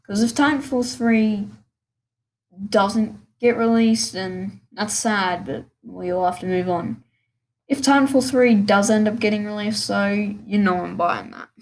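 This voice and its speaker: A woman hosting a casual solo gaming podcast, rambling and restarting her sentences in an offhand way. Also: mid-range voice. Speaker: podcast host.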